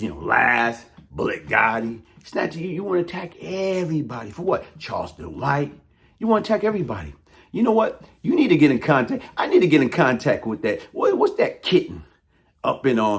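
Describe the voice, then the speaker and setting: A man's voice: mid-range voice, vocal fry. A man delivering a heated, taunting call-out monologue in blunt street talk. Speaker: YouTube commentator.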